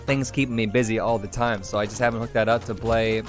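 A man streaming a video game live, joking and reacting excitedly as he chats with viewers. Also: lowish voice, fast, soft background music. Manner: excitable, jokey, breaks into song snatches. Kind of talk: live gameplay commentary.

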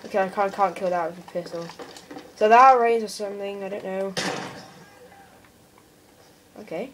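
A woman giving excitable gameplay commentary, often exclaiming in alarm. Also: mid-range voice, moderate pace. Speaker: gamer. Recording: noisy game audio behind.

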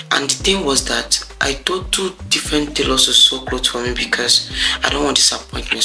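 Young woman, nigerian accent, ranting, irritated, repeats herself, gravelly, crisp bright tone. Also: extremely low pitch, poor audio. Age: young adult. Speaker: vlogger, medical graduate. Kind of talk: casual vlog rant. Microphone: camera mic.

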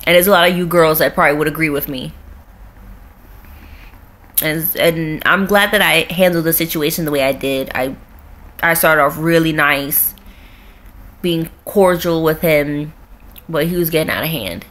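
Young female vlogger, lower register, blunt and profane, ranting casually from home. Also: moderate pace, long pauses, fairly bright tone. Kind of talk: casual vlog rant. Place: at home with her cat.

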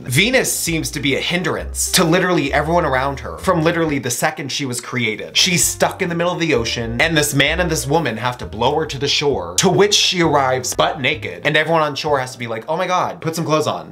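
Man, comedic commentary, mock-serious, lively pitch, quick character voices. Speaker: comedy YouTuber.

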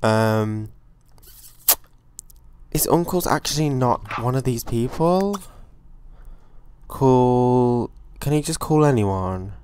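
A man hosting a let's play, giving chatty, excitable gameplay commentary and swearing freely. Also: mid-range voice, slow, pauses often, clean tone.

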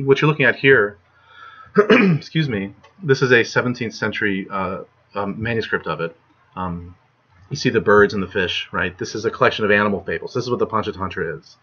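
A man's voice: mid-range voice, a bit bright, husky. A young man giving a casual lecture from home, chatty, with frequent "right?" and "like" and filler sounds. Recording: muffled lo-fi recording.

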